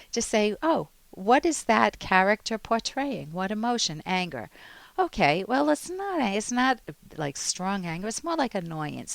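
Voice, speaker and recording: A woman psychologist hosting an advice radio show, explaining in a calm, instructive way. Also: on the low side, no echo.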